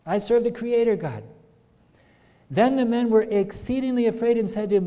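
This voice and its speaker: A man with a very high, warm voice preaches a sermon at a moderate pace, retelling a scripture story. He puts earnest questions to his congregation, and the recording carries a long hall reverb.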